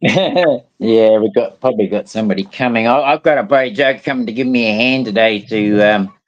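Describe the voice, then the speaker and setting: A man's voice: on the low side, fairly quick, dull audio. A man with a mixed New Zealand and Australian accent, talking heatedly in a casual voice chat, swearing often and trailing off into fillers. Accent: New Zealand and Australian mix. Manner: heated, rambling, swears a lot, many fillers. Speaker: guest in a live voice chat.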